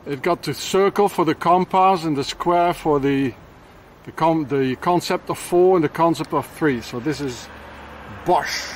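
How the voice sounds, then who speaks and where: Pointing things out to a handheld camera as he strolls around town, a vlogger rambles in a conspiratorial way. He speaks a little slowly in a slightly high voice, with slight background noise.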